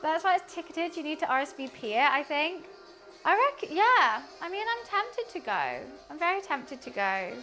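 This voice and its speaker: Young British woman, live streamer; high voice, loose and chatty, curses casually while cooking. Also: very animated, normal speed, sharp tone, soft background music. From United Kingdom. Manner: chatty, laughs often, swears casually.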